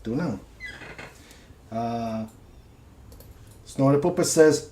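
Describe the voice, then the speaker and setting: A man's voice: medium pitch, lively intonation, slow pace. A man hosting a casual podcast, reading out chat comments, laughing often and trailing off into mumbles. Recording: roomy echo with faint noise.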